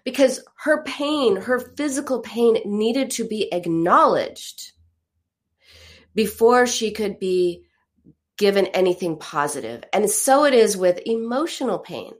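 A woman's voice: mid-range voice, lively intonation, unhurried. Middle-aged woman therapist explaining. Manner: explains through stories, acts out quoted voices. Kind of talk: counseling conversation.

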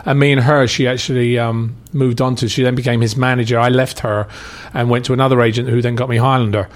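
Middle-aged actor telling rambling stories. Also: male voice, medium pitch, flat delivery. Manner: rambling anecdotes with quick put-on voices. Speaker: actor guest. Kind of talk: casual chat.

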